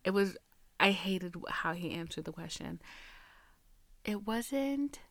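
A woman's voice: mid-range voice, expressive, slow pace, no room sound. A young woman hosting a podcast, telling a dating story in a casual, profane, chatty way and acting out both sides of the conversation. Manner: chatty, profane, reenacts dialogue with quoted voices. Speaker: podcast host.

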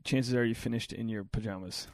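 A man's voice: lowish voice, fairly even intonation, brisk, no echo, studio quality. A young man hosting a podcast, joking crudely and rambling in casual banter. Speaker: podcast host.

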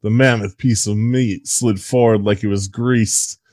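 A man with a low voice reads aloud in a deadpan, mock-serious way, as if narrating a grim tale. His voice is dry and close, with no room sound. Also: unhurried, no room sound. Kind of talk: dramatic comic reading.

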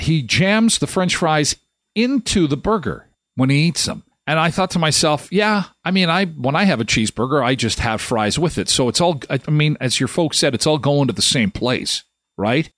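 A man's voice: a little high, dry recording, clean studio sound. A man in his fifties from Canada hosting a live daily talk show, rambling and joking as he tells stories. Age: 50s. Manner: rambling, jokey storyteller with quick asides. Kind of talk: casual solo talk show.

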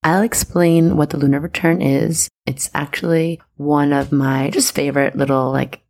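Low, gravelly-voiced woman podcast host. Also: fairly even intonation, moderate pace, a little mellow. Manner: chatty, loose, full of fillers. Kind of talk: casual spiritual podcast monologue.

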